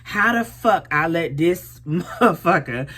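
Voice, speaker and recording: A woman's voice: lowish voice, animated, unhurried, a bit bright, slightly rough. A young woman doing her makeup while telling a storytime in casual, blunt, profane chat. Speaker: vlogger.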